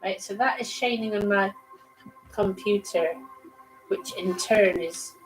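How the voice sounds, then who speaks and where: Woman reading tarot live for viewers, chatty and rambling, mid-pitched, with clear music playing behind. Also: takes it slowly, poor audio. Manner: chatty, rambling, laughs easily. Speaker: psychic reader on a livestream. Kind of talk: casual livestream tarot reading.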